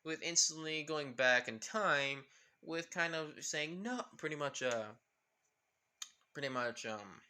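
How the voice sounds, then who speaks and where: A man's voice: on the high side, slow pace, sharp tone, smooth. A young man casually improvising a fan story, rambling with many fillers. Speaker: fan fiction narrator.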